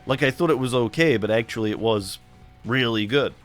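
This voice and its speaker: A man's voice: medium pitch, brisk, soft background music. A middle-aged man hosting a casual let's play, chatting in a rambling, laid-back way while he plays. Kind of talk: casual gameplay commentary.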